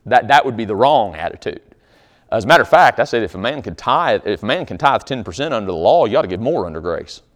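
A man preaching a sermon as pastor, speaking conversationally with jokes and reading scripture aloud. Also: on the low side.

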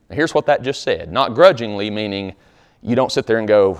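A male pastor delivers a sermon in a loose, conversational way. His pitch rises and falls a lot as he jokes with the congregation. He slips into reading scripture aloud between his remarks. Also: animated, fairly quick, smooth.

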